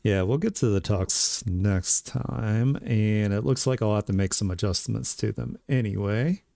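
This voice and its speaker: A man's voice: fairly low pitch, unhurried, creaky, warm tone, dry recording, studio quality. A man chatting casually as a streamer while he makes art, laid-back and joking at his own expense.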